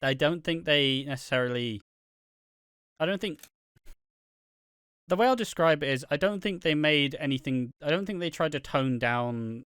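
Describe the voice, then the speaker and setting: An English man chats on a podcast in a bright, clear voice. He stumbles and restarts his sentences often and swears offhandedly. The sound is close and dry. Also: on the high side, animated, no room sound. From England. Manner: halting, many restarts, swears casually. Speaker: podcast co-host. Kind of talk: casual podcast chat.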